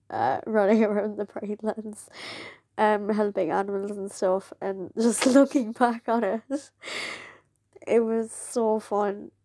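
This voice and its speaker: A woman's voice: mid-range voice, dark tone, no room sound, clean studio sound. A woman, telling a personal story in a candid, chatty way and laughing often. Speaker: vlogger.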